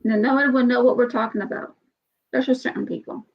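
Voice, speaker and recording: High-voiced playful woman, lo-fi. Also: fairly even intonation, a little fast, gravelly. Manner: playful, laughs easily, swears casually. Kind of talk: casual chat. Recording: dull lo-fi sound.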